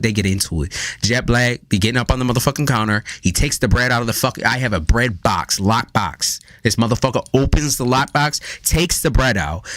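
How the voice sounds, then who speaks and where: A man's voice: medium pitch, a bit bright, no room sound. Loose, profane storytelling man. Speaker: live stream tarot reader. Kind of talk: casual live stream chat.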